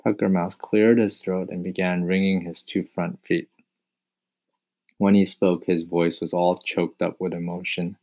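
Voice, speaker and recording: Deep male voice, slow, calm storybook narration. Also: highs cut off. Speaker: audiobook narrator. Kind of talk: scripted narration.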